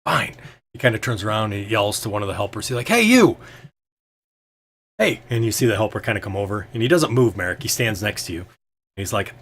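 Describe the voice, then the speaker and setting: A man's voice: fairly low pitch, fairly even intonation, rapid-fire. A man narrating a tabletop game as game master, loose and casual with many fillers.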